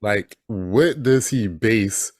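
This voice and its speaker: Man podcast co-host, lowish voice, analytical, close dry sound. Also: expressive, very slow, no room sound. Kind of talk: casual TV recap chat.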